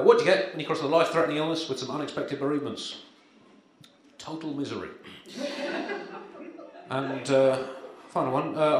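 A man doing a deadpan stand-up comedy set at a live gig, with dry humour, hesitant ums and frequent chuckles. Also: medium pitch, a little hiss or hum. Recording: very echoey room with clear ambience.

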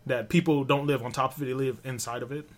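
Quick rambling podcast co-host. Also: male voice, medium pitch, steady tone. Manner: rambling storytelling with many fillers. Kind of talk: casual podcast banter.

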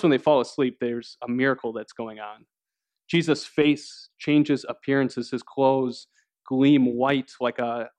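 Guy preaching a sermon, earnest, mid pitch, kinda measured with little restarts. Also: a little mellow. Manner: earnest preaching, acts out quoted voices with rising pitch. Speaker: pastor.

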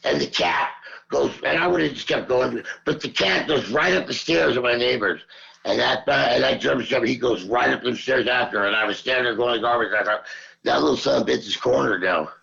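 A man's voice: mid-range voice, a little fast, creaky, bright, forceful tone, highs cut off. A man who is a weekly guest, rambling through stories in a profane, chuckling way. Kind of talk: casual rambling storytelling.

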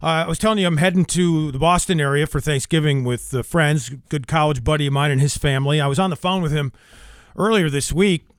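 A man's voice: a little high, a little fast, clear, resonant tone, no room sound. A man filling in as co-host on a radio show, reading the weather and telling wry stories in a casual way. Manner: storytelling, wry. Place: radio studio.

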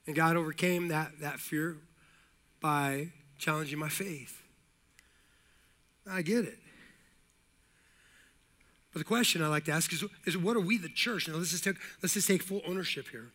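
A middle-aged man preaches to his congregation in a high, bright voice. He talks with lively energy, repeats phrases and drops in jokey asides and calls of amen. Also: normal speed, long pauses. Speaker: pastor. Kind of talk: sermon.

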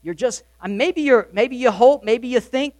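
A pastor delivering a sermon in a fairly high male voice. He pushes hard on key lines, then drops to a soft, confiding tone. The sound is dry and close, with no room ring. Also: animated, normal speed, dry recording. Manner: emphatic preaching, swinging between loud and soft.

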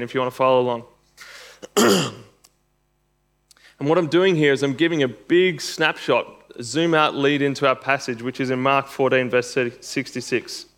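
A man preaching a sermon, reading scripture aloud and explaining it, rising for emphasis. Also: a bit bright. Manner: expository preaching, reads scripture aloud, rises in pitch for emphasis.

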